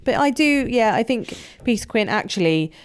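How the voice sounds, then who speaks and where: A woman's voice: a little high, expressive, moderate pace, clear, resonant tone. A woman appearing as a guest on a podcast, chatting casually and laughing easily. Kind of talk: casual chat.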